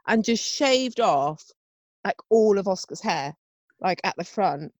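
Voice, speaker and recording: This time the storyteller has a mid-range voice and takes her time. She animates a family anecdote with acted-out voices and frequent laughter, and the audio has no echo.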